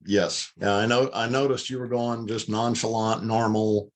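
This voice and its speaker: A dog trainer teaches an online dog-handling class over a video call, speaking emphatically and demonstrating different voice tones. His voice is fairly low, with little pitch movement and a moderate pace.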